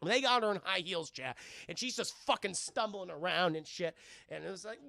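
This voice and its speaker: Man streaming a movie review, casual and profane, high gravelly voice, dry close sound. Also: a little fast, dry recording. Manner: animated and profane, with mocking retellings. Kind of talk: casual live-stream chat.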